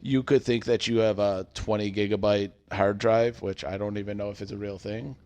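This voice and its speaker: A man with a somewhat low voice tells a workplace story in a relaxed podcast chat. He acts out what people said, getting loud for the quotes. He sounds to be in his thirties. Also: moderate pace, smooth. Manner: animated storyteller acting out quotes. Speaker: podcast co-host telling a work story.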